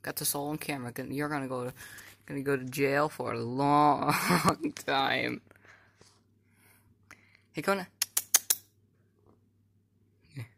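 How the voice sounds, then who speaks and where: A woman chatting playfully to her cats while filming them on a phone, teasing them with sudden high squeals. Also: fairly even intonation, moderate pace, gravelly, pauses often, a bit bright. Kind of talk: casual chat to pets. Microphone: handheld phone.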